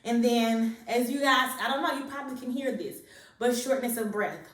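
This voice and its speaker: A woman's voice: a little high, moderate pace, a bit bright. Breathless chatty young woman, echoey room. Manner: chatty, rambling, with many fillers. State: short of breath. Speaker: vlogger sharing a pregnancy update. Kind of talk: casual chat to camera. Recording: echoey room, distant mic.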